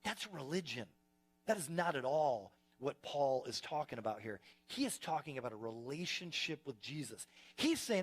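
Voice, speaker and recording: A man preaching a sermon to a live congregation, talking in a conversational, energetic storytelling way with frequent restarts. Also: mid-range voice, moderate pace. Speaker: pastor. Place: church service before a live congregation.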